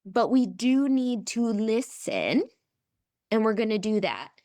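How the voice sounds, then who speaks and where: An emphatic woman coach talking on a podcast. She keeps checking in with her listener. Her voice sits a little high, and the sound is dry and close. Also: big pitch swings, slow pace, a little mellow, no echo. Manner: emphatic, often checks in with "right?". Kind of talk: podcast conversation.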